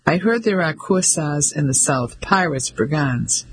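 A woman's voice: low voice, animated, unhurried, a little hiss or hum. A man voicing a nervous, deferential maid who is wary of strangers. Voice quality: anxious, deferential.

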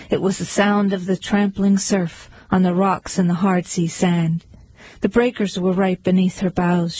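A woman reading poems aloud in a measured recitation. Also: medium pitch, a little mellow, husky, no echo, poor audio. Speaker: reader. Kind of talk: poetry reading.

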